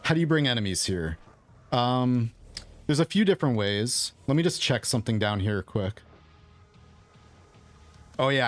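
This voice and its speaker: A man who is losing his voice, casually thinking aloud as he explains his gameplay as the host of a gaming video. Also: mid-range voice.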